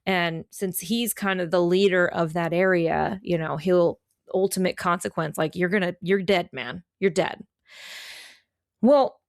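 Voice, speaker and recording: A woman's voice: lowish voice, vocal fry, no echo, studio quality. Chatty irreverent woman storyteller. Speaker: podcast co-host. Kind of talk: casual storytelling.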